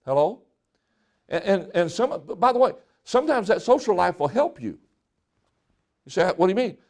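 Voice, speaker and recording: A man's voice: high-pitched, very animated, normal speed, darkish tone. A middle-aged male pastor preaching a folksy sermon, joking and acting out what people say.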